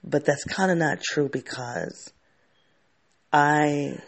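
A man's voice: fairly high pitch, takes it slowly, gravelly. A man telling a candid personal story to camera, reflective and often restarting his sentences.

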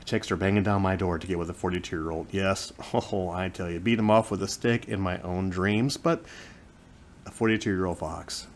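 A man in his forties with a fairly low voice, hosting a podcast from his couch at home. He talks close to the microphone in a joking, self-mocking way, jumping from loud bursts to quiet asides. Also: steady tone, moderate pace, slight background noise. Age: 40s. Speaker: podcast host. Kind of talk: casual comedic monologue. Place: living room at home, on a couch. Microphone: microphone close in front of his face.

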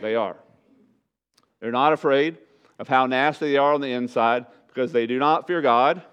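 Guy pastor preaching, smooth clear voice, hammers on his points, kinda dull lo-fi church recording. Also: medium pitch, moderate pace. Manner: emphatic, repeats key phrases. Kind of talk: sermon. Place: church sanctuary.

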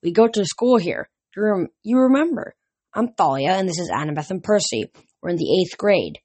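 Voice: mid-range voice, big pitch swings, moderate pace, a little mellow, breathy edge. Brief: tough punk teen girl, sure of herself, as a reader puts her on. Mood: confident. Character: bold teenage girl in punk clothes.

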